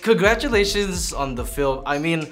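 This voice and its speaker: A man's voice: a little high, lively intonation, normal speed, a bit bright. A man from Malaysia, hosting a casual, jokey interview in an upbeat way. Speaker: interviewer host.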